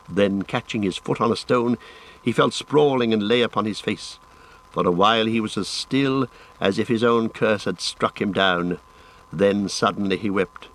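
Low-voiced man narrating an audiobook. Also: normal speed, poor audio. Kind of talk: scripted fantasy narration.

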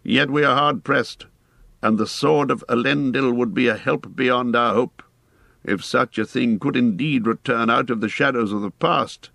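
A man's voice: medium pitch, normal speed, vocal fry, a bit bright, no room sound. A man voicing a proud male warrior, firm and dignified.

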